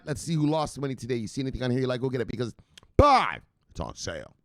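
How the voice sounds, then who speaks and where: A man's voice: mid-range voice, big pitch swings, quick pace, no echo, clean studio sound. A man hosting a casual crypto news show, playful and loose, chanting sing-song refrains and swearing freely. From United States. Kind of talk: casual market commentary.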